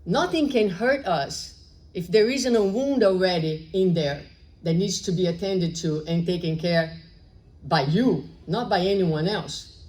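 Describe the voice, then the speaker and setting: A woman delivers a public talk on spirituality and the inner life. Her voice sits a little low, and her manner is conversational. She keeps asking the audience rhetorical questions and checking in with a quick "right?". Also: a little mellow, poor audio. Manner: acts out short dialogues in her story. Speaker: spiritual lecturer. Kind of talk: public lecture on spiritual psychology.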